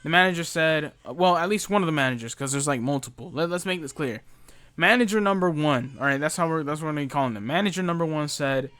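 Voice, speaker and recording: A young man telling a story about a rude customer at work. He sounds exasperated, talks in a quick stream full of fillers, and puts on the customer's voice now and then. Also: on the high side, a bit bright, clean tone, dry recording. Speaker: retail worker telling a story. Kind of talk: storytime rant.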